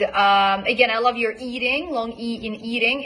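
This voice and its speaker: A woman coach giving recorded feedback on a student's homework, praising them and modeling words by repeating them slowly. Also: a little high, fairly bright tone, a little hiss or hum. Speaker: accent coach.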